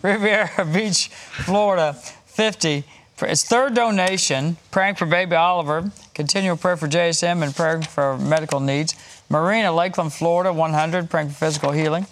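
On a Christian broadcast, a warm host reads through a list of donors' names, hometowns and prayer requests, chuckling lightly as he goes. His voice is a little high and his pace is normal.

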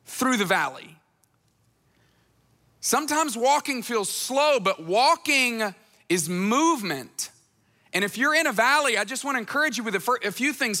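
Male pastor, high bright tenor, earnest and repetitive, hall reverb. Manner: earnest, repeats phrases for emphasis, storytelling asides. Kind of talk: conversational sermon.

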